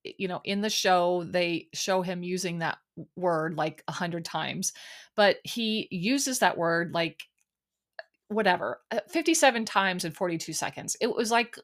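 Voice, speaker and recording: A woman's voice: fairly low pitch, unhurried. Chatty exasperated woman podcaster. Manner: chatty, exasperated, full of ums and likes. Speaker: podcast host. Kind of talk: casual solo recap podcast.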